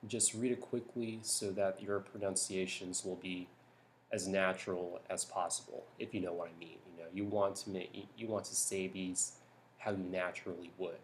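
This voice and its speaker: Soft-spoken deep-voiced young man. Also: steady tone, moderate pace, a little hiss or hum. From California, United States. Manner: hushed, speaking softly; rambling with many ums and restarts. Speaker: YouTuber. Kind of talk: soft-spoken vlog talk. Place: home at night.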